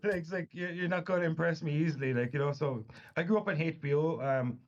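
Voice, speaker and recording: A man's voice: fairly high pitch, fast talker, lo-fi sound. A man in his thirties from the Irish Midlands, with a fairly neutral Irish accent, talking casually as a guest and peppering his speech with "like". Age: 30s. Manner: relaxed and talkative, peppered with "like", laughs easily. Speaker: author, guest. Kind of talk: casual interview chat.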